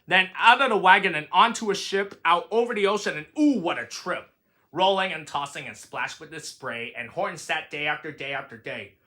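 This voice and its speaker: A man's voice: a little high, normal speed, sharp tone. A man reading a rhyming picture book aloud with a sing-song delivery. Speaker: reader.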